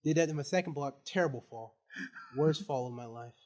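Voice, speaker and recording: Young man telling an animated story. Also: on the high side, fairly quick. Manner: animated storytelling, laughing as he tells it. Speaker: student guest. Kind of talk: casual podcast chat.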